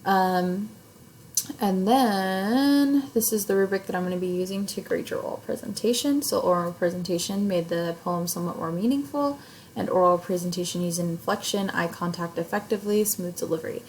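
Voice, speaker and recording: A woman's voice: medium pitch, normal speed, darkish tone, a little hiss or hum, poor audio. A young adult woman teacher recording a video lesson, explaining an assignment casually step by step with many fillers. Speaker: English teacher. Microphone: recording herself on camera at home or in class setup.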